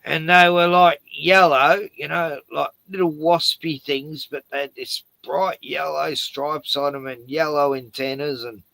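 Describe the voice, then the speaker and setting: A man telling animated stories in casual chat on a stream, swearing freely. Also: fairly high pitch, a little slow, creaky, few pauses, no room sound, rough recording.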